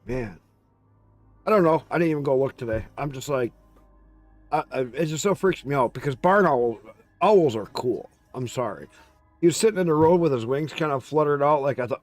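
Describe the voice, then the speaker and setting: A man streaming a game, telling a story in casual, animated chat and swearing freely. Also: mid-range voice, normal speed, no echo, soft background music.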